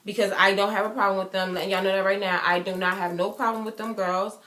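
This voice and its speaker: A young woman recounts a personal story straight to camera. She talks emphatically and circles back over her points. Her voice sits at an ordinary pitch and carries a roomy echo. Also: level tone, fast, fairly bright tone. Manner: emphatic and repetitive, acting out quotes. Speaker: vlogger.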